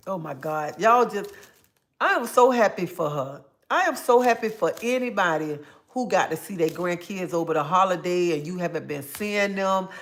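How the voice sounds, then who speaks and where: Brief: middle-aged woman, livestream host, emphatic and repetitive, calls everyone honey. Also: on the low side. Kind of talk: casual livestream chat answering viewers.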